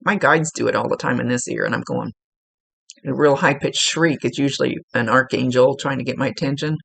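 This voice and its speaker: A woman's voice: extremely low pitch, fairly quick, vocal fry, fairly bright tone, slightly rough, dry recording. A woman working as a psychic medium, giving an informal, rambling one-on-one reading from her chair at home. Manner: informal, rambling, with many fillers and restarts. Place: at home, seated.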